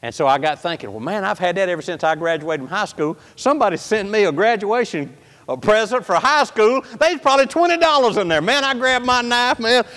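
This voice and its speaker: A high-voiced man tells a personal story as a sermon. His delivery is folksy and animated, jumping up to loud outbursts and dropping to hushed, near-whispered lines. The sound carries a long hall reverb. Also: brisk. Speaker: preacher.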